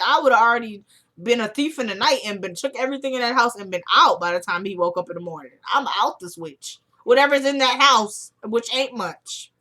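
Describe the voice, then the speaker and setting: Woman vlogger, medium pitch, blunt and opinionated TV-recap chatter, casual slang. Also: sharp tone. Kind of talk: casual episode recap and commentary.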